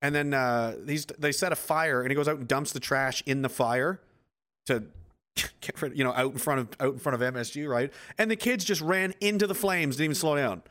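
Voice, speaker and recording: Speaking at a fairly quick clip in a mid-range voice, this podcast host keeps the conversation casual. He rambles, curses freely, and tells lively stories, acting out the quotes.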